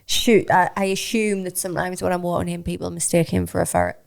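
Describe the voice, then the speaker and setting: A woman, co-hosting a casual podcast with teasing, quick banter and laughter. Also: fairly low pitch, fairly even intonation, vocal fry. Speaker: podcast co-host. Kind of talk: casual chat.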